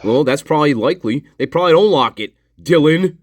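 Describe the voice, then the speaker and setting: A man's voice: a little high, animated, quick pace, dry recording. A man commenting on interview footage in an angry, sarcastic, profane rant.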